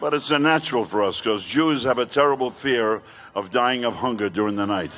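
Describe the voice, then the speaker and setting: An older male comedian doing stand-up, telling brash rapid-fire jokes. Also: mid-range voice, a bit bright, slight background noise.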